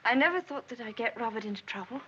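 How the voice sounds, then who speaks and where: A shy, stammering wife. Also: female voice, fairly high pitch, animated, quick pace, a bit bright. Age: young adult. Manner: hesitant, stammering, apologetic. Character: shy, timid young wife. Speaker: young wife. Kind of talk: 1940s film acting. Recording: hissy, dull 1940s film soundtrack.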